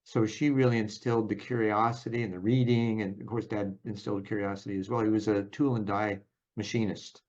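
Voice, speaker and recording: A man hosting a conversation and telling his own story in a thoughtful, unhurried way, often pausing to search for words. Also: fairly low pitch, level tone, a little mellow, dull audio. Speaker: podcast host. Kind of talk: reflective personal storytelling.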